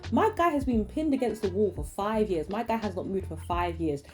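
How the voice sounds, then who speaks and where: A young woman chatting casually to camera as a vlogger, expressive and giggly, acting out her own reactions at home. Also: mid-range voice, a little fast, faint music behind.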